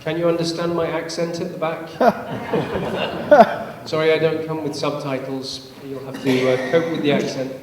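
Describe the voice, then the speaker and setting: A man giving a public lecture, explaining in a measured way with touches of dry humor. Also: on the high side, flat delivery, a crowd in the background. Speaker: guest presenter, scientist. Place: large public meeting hall. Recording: echoey hall from far off, faint hum.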